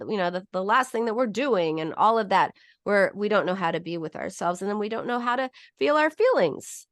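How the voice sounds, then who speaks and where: A woman psychologist giving advice in a lively, expressive voice that jumps up whenever she acts out a feeling. Her pitch sits in the middle range. The sound is close and dry, with no room echo. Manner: animated, acts out quoted feelings, self-mocking laughs. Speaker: psychologist and host. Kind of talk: advice talk to camera.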